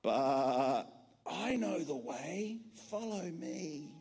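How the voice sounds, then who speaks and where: A woman voicing a small, quiet lamb who calmly offers to lead the way, in a storybook telling. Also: deep voice, very slow, gravelly, slightly rough, pitched below the performer's own voice, heavily acted. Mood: quiet, gentle. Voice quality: soft and hushed. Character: small timid lamb, calm and sure. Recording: long church hall reverb.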